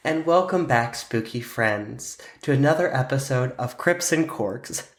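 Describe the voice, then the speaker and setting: A man's voice: medium pitch, expressive, unhurried, echoey room. A man hosting a podcast with a sinus cold, chatting casually and joking with a lot of swearing. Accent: Pittsburgh. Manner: joking, profane, casual banter. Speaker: podcast host. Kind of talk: casual chat.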